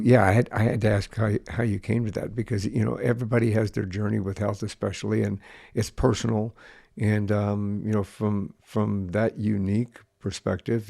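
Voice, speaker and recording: Male host, husky voice, relaxed and a bit hesitant, dry close sound. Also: fairly low pitch, dry recording. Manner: relaxed, hesitant, repeats words. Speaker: podcast host. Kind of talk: casual interview chat.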